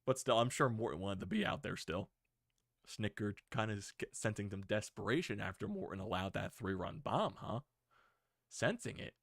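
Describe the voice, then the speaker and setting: A young man hosting a sports video, giving an excited fan reaction rant, swearing freely and laughing. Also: on the low side, normal speed, gravelly, dry recording, clean studio sound.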